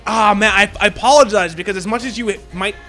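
A man's voice: sits high, fast, sharp tone, faint music behind. A man co-hosting a podcast, chatting casually with a brash, profane, mock-boastful manner. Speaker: podcast co-host. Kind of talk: casual chat.

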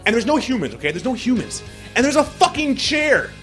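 A man in casual podcast chat, reviewing a film in a rambling, excitable way, swearing heavily and full of filler words. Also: very high-pitched, a little fast, faint music behind. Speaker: podcast co-host reviewing a movie.

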